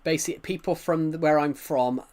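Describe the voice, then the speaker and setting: A man's voice: a little high, fairly even intonation, a little fast, a little mellow. A man with an English-Welsh border accent, chatting casually on a livestream, rambling and answering viewers' comments.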